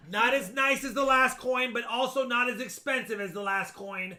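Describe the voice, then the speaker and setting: A man's voice: very high voice, normal speed, hardly any pauses, sharp tone. A man hosting a live coin auction stream, chatting casually and joking about the coins as he shows them. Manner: chatty, jokey, talks coin grades and dates.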